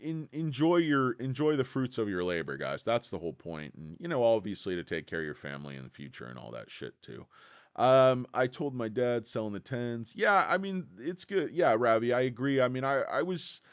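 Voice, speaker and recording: A man's voice: mid-range voice, very animated, moderate pace, smooth, dry recording. A man hosting a casual stock livestream, sarcastic, crude and rambling, a bit out of breath. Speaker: stock market livestream host.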